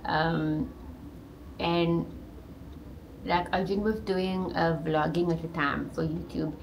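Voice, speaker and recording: A woman's voice: lowish voice, fairly even intonation, slow, creaky, slight background noise. A woman from South Africa in casual chat, talking freely with lots of "like" and "you know" and laughing often. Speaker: co-host, partner of the channel host. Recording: background music under the voice. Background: music.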